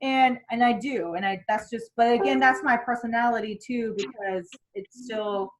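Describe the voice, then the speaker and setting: A woman's voice: fairly high pitch, moderate pace, rough recording. A woman leading a casual sales training on a group call, chatty, with lots of fillers and restarts. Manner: chatty, many fillers and restarts, acts out quotes.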